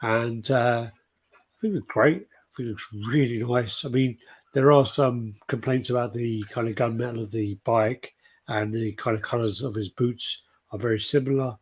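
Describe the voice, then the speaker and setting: A man's voice: mid-range voice, moderate pace, slightly rough. A man co-hosting a casual podcast about collectible statues, rambling, swearing casually and laughing often. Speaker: podcast co-host.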